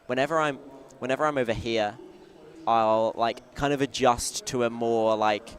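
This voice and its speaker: A British man from the United Kingdom chats casually as a stream commentator, his voice medium in pitch and his pace moderate. He's talkative and full of jokes, often interrupting himself to restart sentences.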